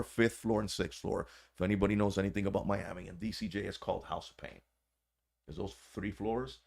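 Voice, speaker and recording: A man's voice: lowish voice, creaky, darkish tone, slightly rough. A man, a former corrections officer, telling a story as a podcast guest in a casual, profane, slangy way.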